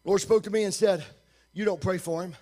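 A man preaching a sermon in a church, telling a healing story with animated, often shouted delivery. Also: sits high. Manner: quick, hushed reading of scripture.

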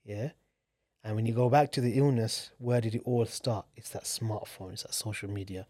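A man's voice: fairly low pitch, moderate pace, warm tone, dry recording. Casting: earnest male guest, emphatic and pleading, dry close sound. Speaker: podcast guest who works with families. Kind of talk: earnest podcast talk.

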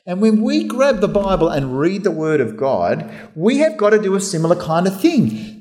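A man's voice: high-pitched, very animated, moderate pace, hardly any pauses, a little mellow. A man preaching a sermon, telling the story vividly and acting out the voices of the people in it. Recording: hall reverb.

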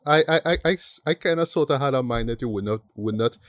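A man's voice: medium pitch, fast, a bit bright, no room sound. A man co-hosting a casual podcast chat, eager and prone to stammering and repeating words as he asks questions. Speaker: co-host.

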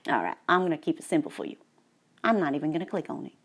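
A vlogger reads technical text aloud, tossing in playful, sarcastic asides as she jokes her way through it. Her voice is low-pitched and expressive, and she races along.

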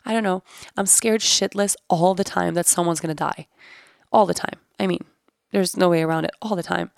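A woman's voice: on the low side, fairly even intonation, normal speed, creaky, dry recording, studio quality. A woman in her thirties, hosting a podcast, candidly and searchingly recounting a personal experience and swearing casually. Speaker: podcast host. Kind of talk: reflective personal storytelling.

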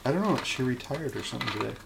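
A man's voice: medium pitch, animated, racing. A man hosting a podcast, chatting casually over drinks at home late at night, rambling and joking with casual swearing. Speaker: podcast host. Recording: home recording with clear background noise.

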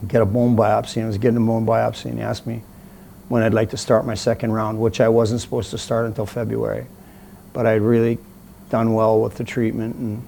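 A middle-aged man with a rough, gravelly edge tells his story bluntly and with plenty of swearing. He talks in a casual interview setting, and a faint noise floor sits under the recording. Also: fairly low pitch. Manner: blunt, profane, animated anecdote teller. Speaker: interview guest.

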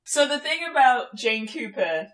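A woman's voice: high voice, big pitch swings, measured pace, fairly bright tone. A young woman with a posh southern English accent, chatting and laughing often as a podcast co-host, swearing freely. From England. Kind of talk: casual chat recapping a show.

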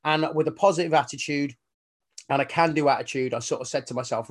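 With a slightly high voice and a fast delivery, a man who works as a fitness coach shares his story in a laid-back interview. He gets animated, curses casually, and performs the voices in his own head.

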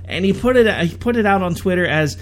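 A man's voice: high voice, expressive, brisk, slight background noise. A man hosting a podcast, ranting with sarcasm in political commentary. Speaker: podcast host.

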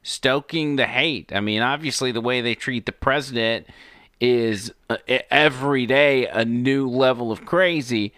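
Bright, emphatic male talk host. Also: medium pitch, dry recording, clean studio sound. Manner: emphatic, with halting restarts. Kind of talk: casual political talk.

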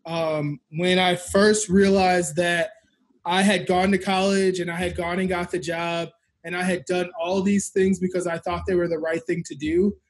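A man's voice: high-pitched, little pitch movement, normal speed. A man in his thirties, a podcast co-host and business owner, talking candidly and reflectively in a casual chat. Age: 30s.

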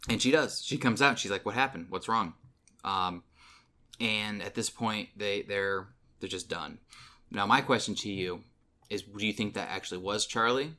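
Male podcast co-host, slightly low, bright tone, loose rambling recap delivery. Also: normal speed. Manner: rambling retelling with many ums and restarts. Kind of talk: casual movie recap chat.

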